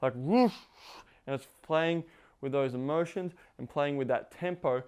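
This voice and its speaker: A man's voice: on the high side, moderate pace, clean tone. A man giving casual spoken instruction as a coach, rambling with lots of "like" fillers. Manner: rambling, heavy use of "like" fillers. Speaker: intimacy coach.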